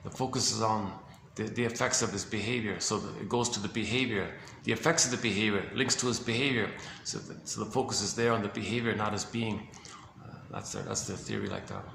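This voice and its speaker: A man giving a casual, halting explanation on psychology, often searching for words and repeating himself. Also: on the low side, steady tone, creaky, a bit bright, a little hiss or hum. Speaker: speaker on psychology. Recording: echoey room with faint ambience.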